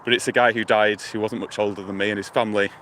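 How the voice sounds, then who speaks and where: A man streams live from his phone as he strolls past a lake, narrating whatever he sees in an easygoing, meandering way. His voice sounds bright and forward. Faint traffic hum sits in the background. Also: lowish voice, fast talker. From United Kingdom. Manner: relaxed rambling, thinking aloud, talks to viewers. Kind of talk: casual walking livestream chat. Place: outdoors by a lake and river near a motorway. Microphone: phone held while walking. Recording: outdoor traffic hum behind.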